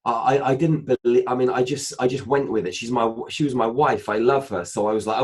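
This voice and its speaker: Talking fast with few pauses in a medium-pitched voice, a male guest in a relaxed interview spins a lengthy story. He performs the conversation as he goes, dropping in many "I said" asides.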